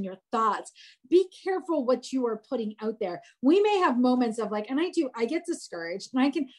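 A woman in her forties talking in a casual podcast chat, animated and rambling with frequent restarts. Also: on the high side. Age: 40s. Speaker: podcast guest.

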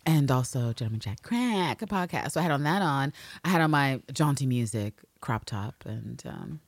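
A woman co-hosting a podcast, telling a story in animated casual chat, swearing and breaking into loud laughter. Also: extremely low pitch, moderate pace, no room sound. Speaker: podcast co-host.

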